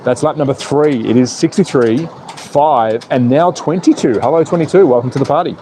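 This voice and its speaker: Excitable man calling slot car races. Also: mid-range voice, moderate pace, a little hiss or hum. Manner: excitable and playful, jokes with chat. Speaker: live stream host and race caller. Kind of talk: live slot car race commentary.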